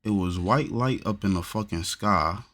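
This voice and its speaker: A man's voice: lowish voice, moderate pace, a bit bright. A man from New Jersey in casual chat, telling a loose, profane story with lots of slang.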